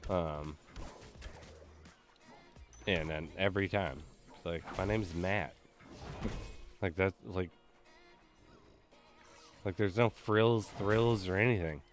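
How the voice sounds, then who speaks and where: A man's voice: deep voice, takes it slowly, long pauses, soft background music. A man hosting a game stream, chatting casually and joking, with lots of "like" in his speech. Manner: rambling, joking, heavy use of "like". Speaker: gaming stream host.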